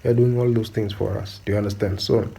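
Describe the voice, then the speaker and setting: A man's voice: lowish voice, level tone, quick pace, gravelly, warm tone, a little hiss or hum, low-quality recording. A man, giving opinionated commentary as a channel host and asking his viewers again and again whether they understand. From South Africa. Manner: preachy, repeatedly asks "do you understand?".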